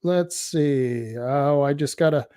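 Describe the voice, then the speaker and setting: A man from the United States hosts a local political livestream, his voice sitting a little high for a man. He talks casually and bluntly, throwing sarcasm at commenters. The sound is close and dry, with no room around it. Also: slow, mellow, clear, resonant tone, no echo. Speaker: host of a local political web show.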